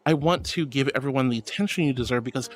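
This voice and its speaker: A man's voice: mid-range voice, quick pace, soft background music. A bubbly, affectionate man streaming and chatting casually as he reads out viewer messages. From Florida. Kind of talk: casual chat reading messages.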